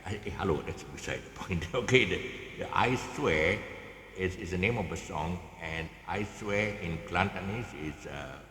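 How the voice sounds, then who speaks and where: Recorded outdoors, a man with a Malaysian English accent gives a casual guitar tutorial at a moderate pace, his low voice pushed and bright. He rambles with many fillers and restarts, chuckling often, and the audio has an echoey, big-room sound with slight background noise.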